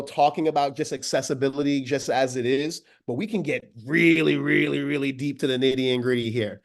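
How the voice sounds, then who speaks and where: A man from Jamaica with a Jamaican accent, leading an energetic online training demo for teachers in a chatty, high-energy way. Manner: high-energy, chatty, calls listeners friends. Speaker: educator giving an online training.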